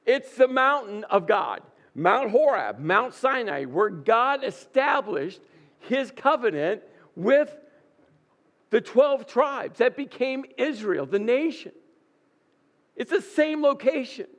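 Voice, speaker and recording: Guy pastor preaching, kinda high voice, takes it slow, gets worked up acting out the story. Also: very animated, fairly bright tone. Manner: dramatic retelling, acting out quoted dialogue with rising intensity. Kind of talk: sermon.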